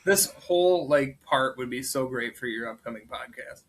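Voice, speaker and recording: Joking, profane podcast co-host. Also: male voice, mid-range voice, normal speed, slight background noise. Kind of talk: casual podcast chat.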